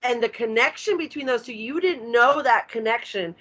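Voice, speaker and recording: Supportive woman co-host, halting delivery, slightly muffled lo-fi recording. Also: a little high, fairly bright tone. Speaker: podcast co-host. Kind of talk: casual chat. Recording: slightly dull lo-fi sound.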